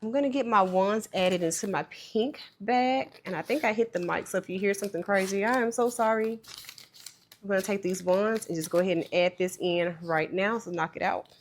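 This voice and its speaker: A woman's voice: mid-range voice, a little fast, slight background noise. A woman casually talking viewers through stuffing cash into budget envelopes, chatty and self-deprecating. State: tearful, voice breaking. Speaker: budgeting vlogger.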